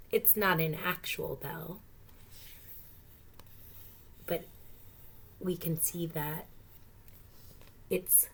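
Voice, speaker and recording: A woman teacher reads a picture book aloud in a slow, unhurried way, with a lowish voice. She is gentle and stops often to explain words and pose questions to young listeners. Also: creaky.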